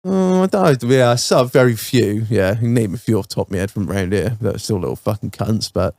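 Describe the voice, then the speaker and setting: A man's voice: fairly low pitch, lively intonation, brisk, creaky, darkish tone, no room sound. A man co-hosting a podcast, telling school stories in a sweary, laughing, casual chat. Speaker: podcast co-host.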